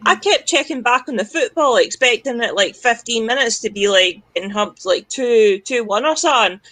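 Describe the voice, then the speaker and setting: A woman's voice: on the high side, animated, normal speed, a bit bright, no room sound, poor audio. A Scottish woman from the central belt, a livestream guest chatting casually, swearing freely and laughing through rambling stories. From Scotland. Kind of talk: casual chat.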